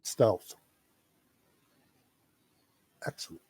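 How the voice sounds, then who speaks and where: A man running a tabletop game as game master, narrating scenes and answering players in a calm, measured way.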